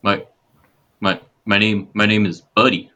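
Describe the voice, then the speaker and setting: A man voicing Buddy, a large sturdy male pit bull mix dog who speaks haltingly and earnestly. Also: on the low side, level tone, pushed and bright. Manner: halting, stammering.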